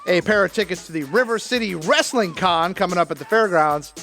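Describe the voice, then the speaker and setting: A male sports radio co-host in upbeat banter, quick to chime in. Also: high-pitched, bright, forceful tone, faint music behind. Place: radio studio.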